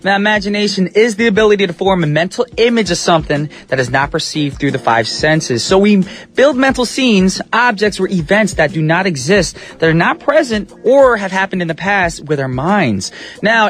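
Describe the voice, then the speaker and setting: A man's voice: high-pitched, expressive, fairly quick, fairly bright tone. A male radio DJ hosting his show in a studio, talking in an upbeat, chatty, slangy way. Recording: radio broadcast with faint music beds.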